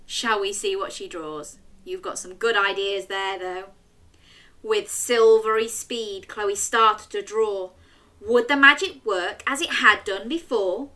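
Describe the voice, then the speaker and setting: Reading a picture book to children, this woman speaks slowly in a mid-range voice. She's animated and keeps asking her young listeners questions.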